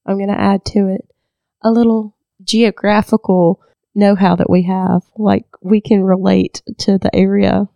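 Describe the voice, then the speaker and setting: Give me a woman podcast co-host with a smooth, resonant voice, recorded dry. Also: mid-range voice, flat delivery, measured pace, dark tone, no room sound, highs cut off. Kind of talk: casual chat.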